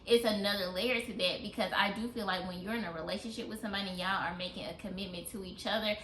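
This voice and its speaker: A woman co-host chats in a playful, sometimes sarcastic way and leads the talk along. Her voice is bright and sharp, and it sounds roomy and echoey, with faint ambience in the background. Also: medium pitch, steady tone, fast, slight background noise. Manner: playful, sarcastic, frequent affirming hums. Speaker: podcast co-host. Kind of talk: casual chat.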